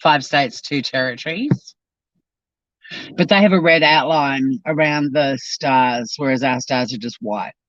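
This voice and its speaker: With an extremely low voice and a measured pace, an Australian woman chats from behind the wheel on her livestream, cursing freely and responding bluntly to chat. The sound is dull, dry and lo-fi, with no echo.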